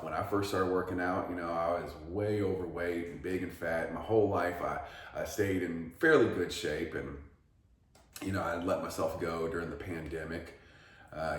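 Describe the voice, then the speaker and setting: A man giving a blunt, profane motivational rant about working out, swearing a lot and repeating himself. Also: low voice. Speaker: fitness vlogger. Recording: echoey room, voice far from mic.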